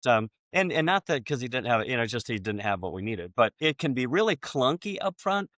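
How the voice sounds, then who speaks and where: A man hosting a podcast, chatting casually and acting out both sides of sales conversations, with many halting restarts. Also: mid-range voice, sing-song, a bit bright, no room sound, clean studio sound. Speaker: podcast host.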